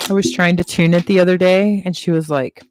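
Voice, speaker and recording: A woman's voice: fairly low pitch, a little mellow, dry recording. A woman, giving a casual livestream tarot reading and chatting, repeating reassurances with chatty asides, seated at a table at home. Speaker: tarot reader.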